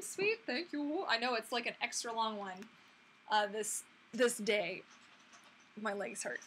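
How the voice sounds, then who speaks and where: A woman's voice: on the high side, animated, measured pace, sharp tone, a little hiss or hum. A woman in her thirties hosting a casual live Q&A, chatty and rambling, full of fillers and restarts. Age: 30s. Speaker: livestream host answering viewer questions.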